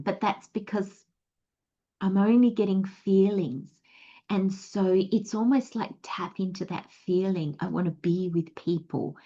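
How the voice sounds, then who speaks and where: A woman's voice: mid-range voice, darkish tone, highs cut off. Chatty Australian woman giving a tarot reading. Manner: chatty, rambling, acts out little inner voices. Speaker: tarot reader. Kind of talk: casual spiritual guidance talk.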